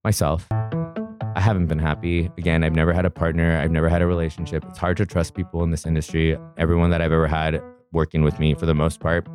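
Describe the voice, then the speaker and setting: A man earnestly recounting a personal story in an interview, reflective and quick-flowing. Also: low voice, darkish tone.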